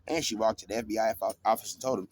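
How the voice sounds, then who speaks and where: A man's voice: fairly low pitch, fairly even intonation, racing, slight background noise. A man talking to camera in an aggrieved, rambling monologue, restarting and swearing often.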